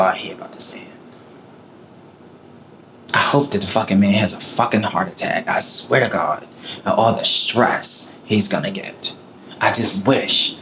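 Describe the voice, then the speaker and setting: Low-voiced man ranting angrily. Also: fairly bright tone, slight background noise. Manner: heated, profane, emotional. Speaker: vlogger. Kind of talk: angry political rant. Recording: roomy echo, faint ambience.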